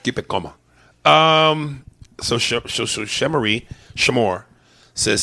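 A man's voice: medium pitch, animated, slow, vocal fry, bright, forceful tone. A man hosting a podcast, chatting casually in a crude, profane and joking way. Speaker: podcast host.

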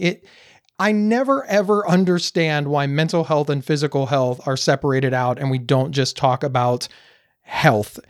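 A man's voice: on the high side, no room sound, clean studio sound. A man hosting a mental health podcast, asking questions in a thoughtful, conversational way. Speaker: podcast host. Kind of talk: podcast interview.

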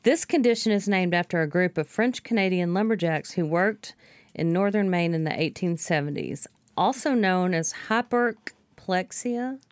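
A woman's voice: fairly low pitch, moderate pace, clean tone, dry recording. A woman co-hosting a podcast, reading topic notes aloud between brief casual replies. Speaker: podcast co-host.

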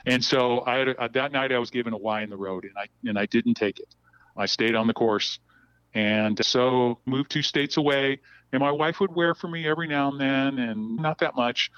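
A man's voice: medium pitch, moderate pace, a bit bright, clear, resonant tone, dry recording. A middle-aged man telling long personal stories as a podcast guest, rambling with many restarts. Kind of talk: casual storytelling. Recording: dull, dry, lo-fi sound.

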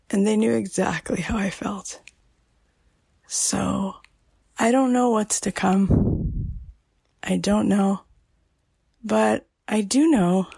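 Slow, husky, half-whispering woman. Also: medium pitch, a little mellow, no echo. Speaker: podcast host. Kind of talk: personal story to listeners.

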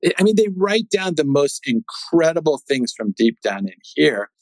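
A man's voice: fairly high pitch, sing-song, moderate pace, dry recording, low-quality recording. A man in his sixties giving a direct, emphatic talk and firing off questions. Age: 60s. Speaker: speaker on conflict resolution. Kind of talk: animated talk to an audience.

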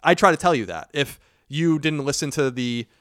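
A man hosting a casual podcast, blunt and quick, swearing now and then into a close mic. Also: a little high, a bit bright, no room sound. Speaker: podcast host.

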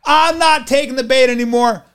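A man's voice: very high-pitched, moderate pace, fairly bright tone, clean tone. A man co-hosting a comedy podcast, ranting in a profane, sarcastic way. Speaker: podcast co-host. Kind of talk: casual comedic chat.

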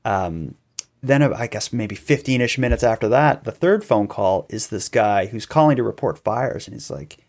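A man, a podcast guest in an interview, telling events at length and acting out quoted voices. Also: normal speed. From Canada. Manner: animated storytelling, acting out quoted calls with rising pitch. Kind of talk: conversational interview.

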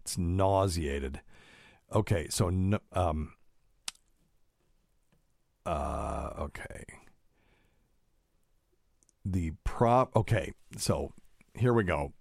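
A man's voice: low voice, lively intonation, extremely slow, creaky, pauses often, a little mellow, husky, no room sound, studio quality. A man talking casually to his audience, reading news and digressing with many fillers.

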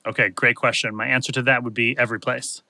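A man's voice: mid-range voice, flat delivery, quick pace, sharp tone, dry recording, soft background music. A man guesting on a comedy podcast, rambling and self-deprecating, tripping over his words. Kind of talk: casual comedic chat.

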